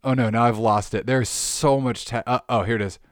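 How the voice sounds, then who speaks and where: A man's voice: mid-range voice, fairly even intonation, brisk, no echo, studio quality. A man hosting a podcast, casually reading odd text aloud and laughing at it. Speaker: podcast host.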